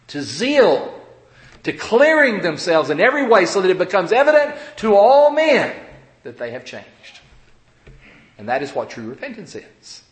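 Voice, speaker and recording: A male preacher delivers a sermon with a lively, animated delivery, swinging between forceful stressed lines and hushed asides. His voice sits a bit high for a man and rings out in a roomy, echoing space. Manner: emphatic, rising and dropping sharply between loud stresses and quiet asides.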